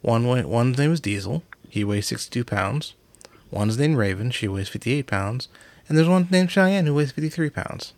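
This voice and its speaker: A man's voice: mid-range voice, expressive, moderate pace, no echo. A man chatting casually, blunt and joking, with some swearing. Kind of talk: casual chat.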